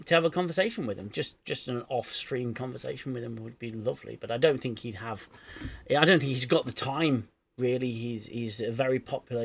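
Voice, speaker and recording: Hesitant man, gravelly voice. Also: mid-range voice. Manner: hesitant, self-deprecating, frequent restarts. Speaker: livestream host. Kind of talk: casual livestream chat.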